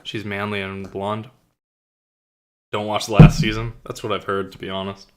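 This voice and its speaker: A young man chats casually with his live stream audience through his own streaming mic, rambling with plenty of fillers and offhand swearing. His fairly low voice is flat in delivery, normal in speed, and darkish yet clean in tone.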